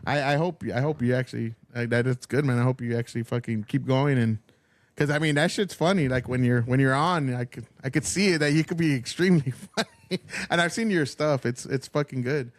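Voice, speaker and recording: A man's voice: mid-range voice, a little fast, no room sound. A man hosting a podcast, chatting loosely, swearing freely and encouraging his guest. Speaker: podcast host. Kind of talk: casual podcast chat.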